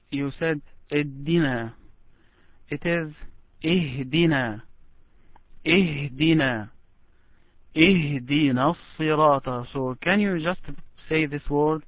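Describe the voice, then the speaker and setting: A man teaching Quran recitation one-on-one, patient and slow, demonstrating each word drawn out, over an online call. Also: on the high side, dry recording. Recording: tinny phone-like line.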